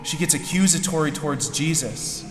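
A man's voice: on the high side, moderate pace, soft background music. A man preaching a sermon in a conversational way, often checking in with the listeners. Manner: conversational, keeps asking "right?". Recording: echoey hall with long reverb.

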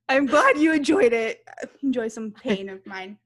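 A woman in her thirties co-hosting a podcast, telling a story in casual chat, animated and laughing, swearing freely. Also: a little high, slow. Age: 30s. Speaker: podcast co-host.

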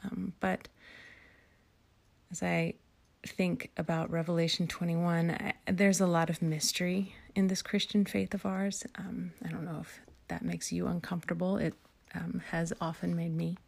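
A woman giving a reflective devotional talk, softly and with some hesitation, sometimes dropping to a near-whisper. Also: fairly low pitch, level tone, measured pace, creaky. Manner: reflective, soft-spoken, with hesitant fillers and self-corrections; drops to near-whispers at times.

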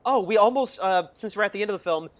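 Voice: medium pitch, fast. Giggly rambling movie podcaster. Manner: giggly, rambling, acts out scenes in quoted voices. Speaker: movie review podcast co-host. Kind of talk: casual chat.

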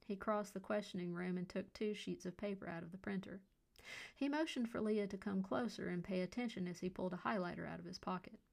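A woman host reading her own short story aloud as scripted narration, calm and measured. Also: medium pitch, gravelly. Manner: calm, hushed and ominous at the close.

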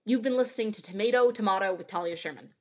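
A woman's voice: mid-range voice, rapid-fire, darkish tone. A woman from Northern California hosting a podcast, giving an earnest, explanatory scripted narration. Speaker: podcast host.

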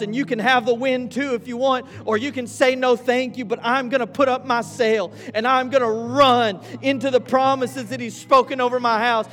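High-voiced preacher in a reverberant hall. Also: male voice. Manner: builds from hushed pleading to shouted repeated prayer. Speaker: pastor. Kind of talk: sermon and prayer. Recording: long reverb with faint music.

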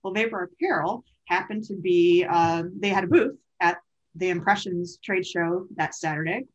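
A woman's voice: on the low side, moderate pace, highs cut off. A woman co-hosting a podcast, telling a story in a chatty, meandering way with self-corrections. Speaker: podcast co-host. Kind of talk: casual conversational storytelling.

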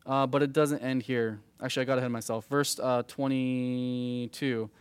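A man's voice: medium pitch, fairly even intonation, normal speed, clear, resonant tone, dry recording. A man in his thirties teaching a youth group verse by verse through a Bible passage, conversational and peppered with "right?" asides. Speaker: youth pastor.

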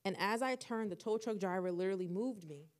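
A young woman co-hosting a podcast, telling a personal story in casual chat and acting out the dialogue with lively shifts. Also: medium pitch, fairly quick. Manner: animated, acts out quoted dialogue. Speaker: podcast co-host.

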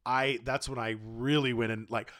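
A man's voice: medium pitch, normal speed. A man in casual chat, telling a story with lots of swearing and acting out what other people said. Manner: animated, swears freely, acts out other people's lines.

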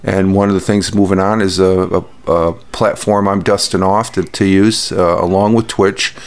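A man with a lowish, gravelly voice hosts a casual morning audio show from home. He rambles through ums and restarts, and gets blunt and mocking when he vents. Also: flat delivery, normal speed. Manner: rambling, many fillers and restarts. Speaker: podcast host.

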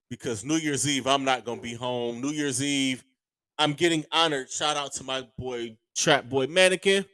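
A man hosting a podcast with a sore throat, ranting casually and profanely about sports, heating up to shouts. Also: mid-range voice, clear, resonant tone, dry recording. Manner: profane, heated, rising to shouts. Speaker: podcast host.

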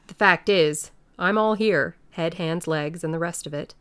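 A woman voicing an indignant, haughty invisible man with a sharp, scolding manner in an audiobook reading. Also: fairly low pitch, measured pace, clear, resonant tone, no room sound.

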